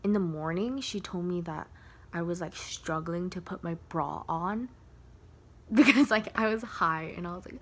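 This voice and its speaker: A young woman vlogger with a lowish voice tells a rambling storytime, packing "like" into nearly every phrase. She slips into hushed whispers now and then, with faint noise behind her. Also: steady tone, fairly quick. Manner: rambling, heavy use of "like" fillers; drops into soft whispers at times. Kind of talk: casual storytime chat.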